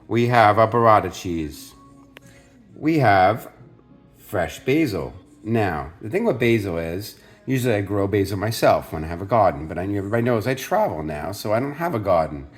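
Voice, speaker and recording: Chatty low-voiced man hosting cooking video. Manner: chatty, jokey, playfully insistent on Italian pronunciations. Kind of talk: casual cooking demonstration.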